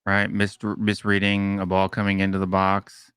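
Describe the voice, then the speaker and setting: A man's voice: sits low, clear, resonant tone, no room sound, clean studio sound. Easygoing male host of a call-in show. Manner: agreeable, quick affirmations, animated impressions. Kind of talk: casual call-in chat.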